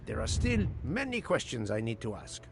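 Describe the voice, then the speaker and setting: An actor playing a fastidious detective, speaking in a measured, formal and authoritative way in a video game. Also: male voice, medium pitch, sing-song, music in the background. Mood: firm, composed. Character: fastidious male detective, calm and precise.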